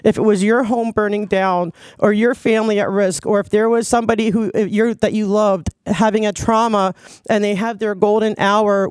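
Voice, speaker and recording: A woman from Los Angeles speaks at a public meeting, choked up and close to tears. She pleads earnestly, stumbling into restarts, yet her voice stays smooth and resonant. The sound is dry and close, with no room echo. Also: mid-range voice, darkish tone. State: tearful, choked up. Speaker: public commenter at a city commission meeting. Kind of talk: public comment address.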